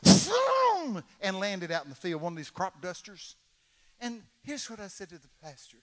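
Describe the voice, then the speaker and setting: A man with a drawl preaches in a folksy, storytelling way, his tone bright and forceful. He pitches a little high and jumps up to shout the lines he quotes. The sound rings with the long reverb of a large church hall. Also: expressive, a little fast. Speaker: guest preacher. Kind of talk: storytelling sermon.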